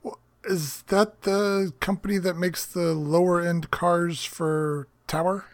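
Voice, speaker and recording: A man co-hosting a hobby podcast, chatting in an easygoing, wry way with a gravelly, husky voice. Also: sits high, fairly even intonation, takes it slowly, no room sound, studio quality. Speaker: podcast co-host. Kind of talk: casual chat.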